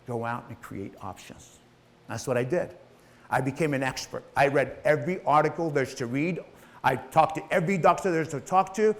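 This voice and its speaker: A middle-aged man speaks on stage in a motivational talk, with a voice pitched a little above the usual. He is blunt and swears freely, and he acts out the lines of the people in his story. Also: fairly quick.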